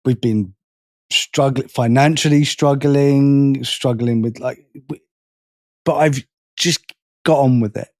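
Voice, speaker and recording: A man co-hosting a casual podcast, speaking plainly and candidly. His voice sits at an ordinary male pitch and sounds dry, with no room around it. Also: steady tone, slow, pauses often, dry recording. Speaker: co-host.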